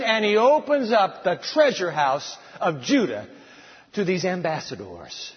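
High, husky man preacher; dramatic sermon storytelling; reverberant hall. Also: big pitch swings, a little slow. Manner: dramatic storytelling with sudden asides. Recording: dull sound with long hall reverb.

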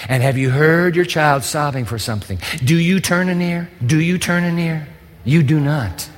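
A male pastor, his voice on the high side and fairly bright, preaches with fervor, pleading and asking the listeners rhetorical questions. The sound carries the long reverb of a large hall.

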